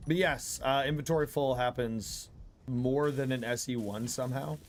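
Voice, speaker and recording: A man's voice: mid-range voice, normal speed, faint music behind. A man chatting casually as a guest on a co-op gaming stream, easygoing and hedging as he talks.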